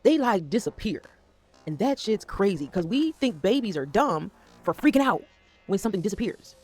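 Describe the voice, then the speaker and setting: A woman's voice: mid-range voice, very animated, normal speed, a little mellow, soft background music. A woman talking casually to camera as a vlogger, rambling and swearing as she jumps between topics.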